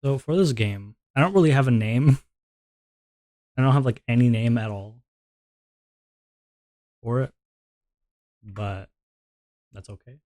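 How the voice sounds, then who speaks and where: Slow, rambling male streamer. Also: medium pitch, dark tone, no echo, studio quality. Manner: rambling, many fillers and restarts. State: out of breath. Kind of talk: casual stream chat.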